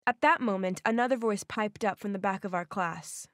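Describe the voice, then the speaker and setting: A woman narrating a first-person animated story in a scripted, expressive way. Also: mid-range voice, normal speed, dry recording, studio quality.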